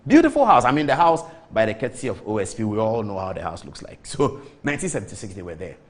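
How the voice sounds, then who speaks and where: Lively Ghanaian man in his forties. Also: on the low side, fast. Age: 40s. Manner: lively storyteller who mimics the people he quotes. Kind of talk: animated anecdote on a TV talk show.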